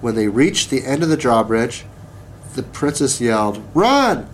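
A man reading a children's story aloud, slow and deliberate. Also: medium pitch, slight background noise. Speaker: narrator.

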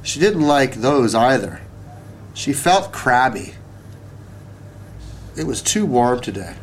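A man reading a children's picture book aloud, page by page, in an expressive, measured storytelling voice. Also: medium pitch, a little hiss or hum.

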